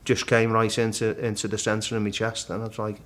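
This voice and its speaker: A middle-aged man, a guest in a casual interview, vividly retelling his climb and acting out the shouts and thoughts along the way. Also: fairly low pitch, fairly quick. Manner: animated storyteller, acts out his own shouts and thoughts. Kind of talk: storytelling in casual conversation.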